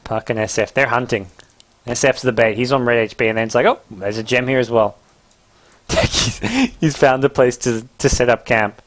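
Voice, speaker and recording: Excitable young English man calling a game. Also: moderate pace. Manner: excitable, jokey play-by-play with sudden rises in pitch. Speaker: game commentator. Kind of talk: live esports commentary.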